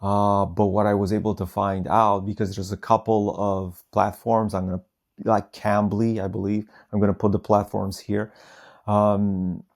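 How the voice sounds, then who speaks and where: Low creaky-voiced man, rambling. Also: little pitch movement, moderate pace. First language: not English. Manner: rambling, hesitant, many fillers. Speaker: phone interpreter. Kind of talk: casual talk to camera.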